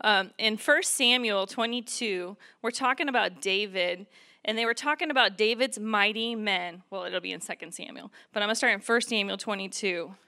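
A woman's voice: medium pitch, moderate pace, pushed and bright. A woman giving a casual church devotional, reading scripture aloud with rising intensity. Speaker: church speaker.

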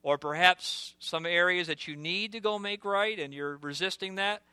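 A man preaching a sermon as pastor, earnest and direct, sometimes dropping to a hushed voice for storytelling asides. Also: high-pitched, moderate pace, smooth, no echo.

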